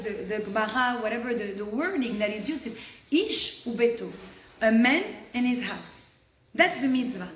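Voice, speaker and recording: A fairly high-pitched woman gives a Torah lesson over a video call and tells the story in an animated way. She turns hushed at the tense moments, and her voice carries a roomy echo. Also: a little hiss or hum. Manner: animated storyteller, drops to hushed tones for tension. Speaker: Torah teacher.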